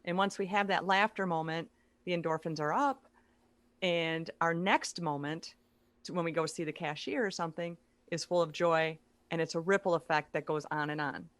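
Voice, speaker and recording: A woman guest, a speaker and author, chatting casually with playful, quick comic quips. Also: lowish voice, a bit bright, dry recording. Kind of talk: casual chat.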